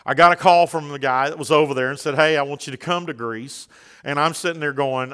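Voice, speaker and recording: A middle-aged male pastor preaching to his congregation in a bright, forceful voice that sits a little high for a man. He is folksy and jokes with the crowd, then swings into loud, fervent preaching. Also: a little fast, smooth. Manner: folksy, joking asides to the congregation. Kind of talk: sermon.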